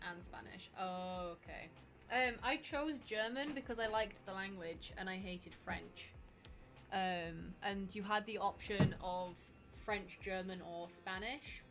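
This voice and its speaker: A young woman from northern England chats casually on a stream, rambling through her sentences with plenty of ums and likes. Her voice sits at a middle pitch, and faint music plays behind her. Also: fairly bright tone. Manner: chatty, rambling with many fillers. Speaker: cosplay streamer. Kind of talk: casual livestream chat.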